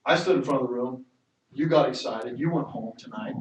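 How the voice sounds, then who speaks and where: A middle-aged network marketing speaker with a medium-pitched, fairly quick voice delivers an emphatic motivational sales talk to a roomful of people in a meeting room. He tells stories with frequent restarts, recorded from far off in an echoey hall.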